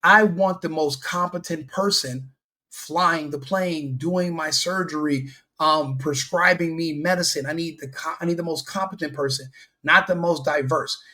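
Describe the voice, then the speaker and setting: A man delivers a heated opinion rant as a commentary host. He talks in a fairly high register and repeats himself for emphasis, with a scornful edge throughout. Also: unhurried, bright, forceful tone.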